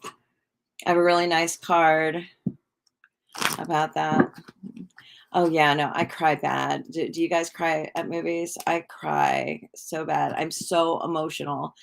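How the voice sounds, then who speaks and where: A woman hosting a relaxed livestream from home, talking to her viewers in a loose, rambling way. Her voice is on the low side, and she speaks slowly with plenty of fillers. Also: creaky, a little hiss or hum. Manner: rambling and chatty, full of fillers; talks to viewers in the chat. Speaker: livestream host and tarot reader. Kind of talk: casual live-stream chat.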